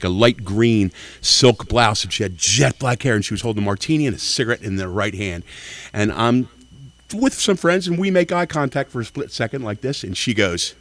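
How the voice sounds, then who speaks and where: A man in his sixties from Nashville, Tennessee, performs brash, profane stand-up comedy at an open mic. His voice is medium-pitched, with no room sound.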